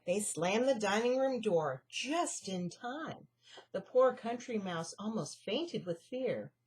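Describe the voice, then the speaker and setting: A woman reading stories aloud to children in a slow, expressive storyteller manner. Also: medium pitch.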